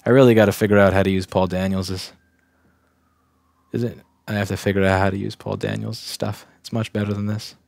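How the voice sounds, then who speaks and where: A man's voice: on the low side, flat delivery, fairly quick, gravelly, a little mellow, dry recording. A young adult man from Staten Island, a repair technician casually talking through a bench test on a livestream, thinking aloud, restarting sentences and speaking bluntly. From Staten Island, New York.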